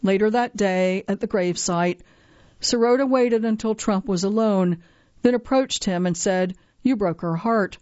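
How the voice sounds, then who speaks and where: A woman's voice: mid-range voice, moderate pace, darkish tone, dry recording. Woman narrating in a dry, dull-sounding recording. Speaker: narrator reading a magazine article. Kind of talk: scripted narration.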